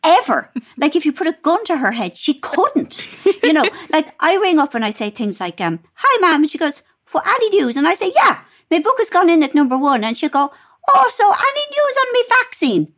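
Irish woman, guest author, lively anecdotal talker, slightly high voice, very expressive pitch. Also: fairly quick, hardly any pauses. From Ireland. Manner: animated storyteller, laughs while talking. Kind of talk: casual chat.

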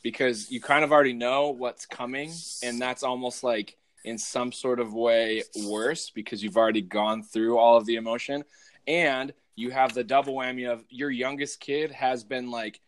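A man in his thirties co-hosting a casual podcast chat, telling family stories in an animated way. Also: moderate pace. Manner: animated storyteller, quotes family with high excited voices. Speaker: podcast co-host.

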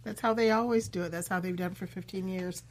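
A woman's voice: fairly low pitch, steady tone, quick pace, a little hiss or hum. A woman co-hosting a casual podcast, talking as an enthusiastic fan and retelling scenes with animation. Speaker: podcast co-host. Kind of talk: casual chat.

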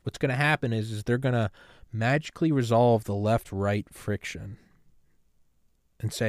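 A man's voice: on the low side, fairly even intonation, normal speed, long pauses, no echo, studio quality. A man hosting a solo podcast, ranting sarcastically about politics with profanity and rambling asides. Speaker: podcast host.

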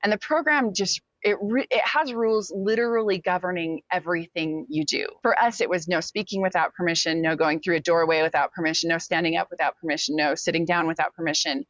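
A woman in her forties telling a personal story as an interview guest, animated and talkative, acting out what people said. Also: lowish voice, fairly quick, hardly any pauses, no room sound, highs cut off. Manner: animated, talkative, acts out quotes.

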